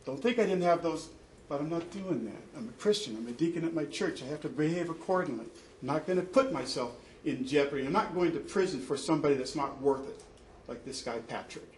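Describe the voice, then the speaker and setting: A man's voice: on the high side, lively intonation, a little fast. A man, a father and church deacon, giving an impassioned testimony in an indignant, emphatic way, often restarting his sentences. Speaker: father testifying in a custody dispute. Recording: echoey room with faint background noise.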